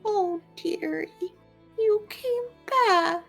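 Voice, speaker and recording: A woman voicing a frail, elderly woman who speaks softly and tenderly. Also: very high-pitched, extremely slow, vocal fry, faint music behind, voice pushed up, exaggerated voice. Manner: soft, quavering, affectionate.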